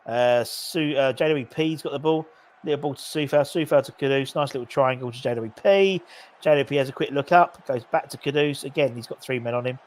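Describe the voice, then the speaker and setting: Brisk and medium-pitched, this man runs a live match watchalong, offering laid-back play-by-play. He's chatty and jokey, trading banter with the people in his chat.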